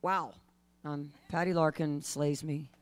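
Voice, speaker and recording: A woman's voice: low-pitched, fairly even intonation, slow pace. A woman musician bantering playfully onstage, joking and laughing easily. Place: live concert stage.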